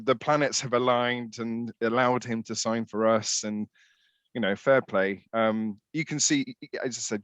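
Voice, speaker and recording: A man's voice: on the low side, a bit bright, dry recording, poor audio. A man co-hosting a casual fan podcast, rambling with many fillers and the odd swear word. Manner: rambling, swears, laughs a lot. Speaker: podcast co-host.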